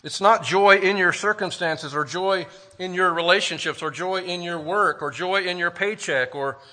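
A man preaching a sermon earnestly, asking rhetorical questions and slowing down to stress key phrases. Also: sits high, bright, forceful tone. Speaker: pastor.

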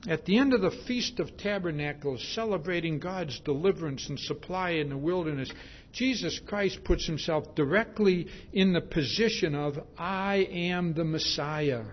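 A man's voice: fairly high pitch, moderate pace, slightly rough. A male preacher giving a sermon, emphatic and repetitive, stressing his points with a repeated "see?". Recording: dull lo-fi sermon recording.

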